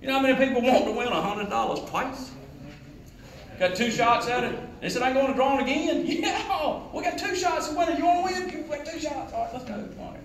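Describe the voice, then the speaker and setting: A high-pitched man coaches a room full of salespeople, firing questions at the crowd and acting out pitches. His voice rings around a roomy hall over faint background noise. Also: fairly quick, distant mic. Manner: animated, quizzes the audience, acts out sales pitches. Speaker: sales trainer. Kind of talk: sales rally talk to a live audience.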